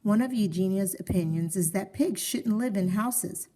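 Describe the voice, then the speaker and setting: A woman reading a children's storybook aloud with expressive, gently paced storytelling. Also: medium pitch, moderate pace.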